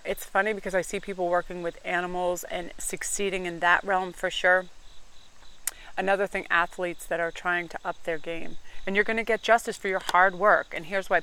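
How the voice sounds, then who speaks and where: A middle-aged woman giving a pick-a-card tarot reading, talking rapidly and energetically with casual swearing. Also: lowish voice, fairly even intonation, sharp tone, slight background noise. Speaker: tarot reader.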